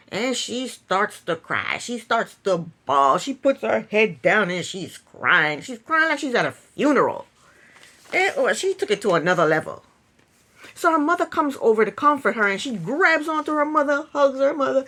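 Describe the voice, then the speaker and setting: A woman's voice: a little high, very animated, moderate pace, fairly bright tone. A woman giving a casual, sarcastic recap of a reality show, laughing often. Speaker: TV recap youtuber.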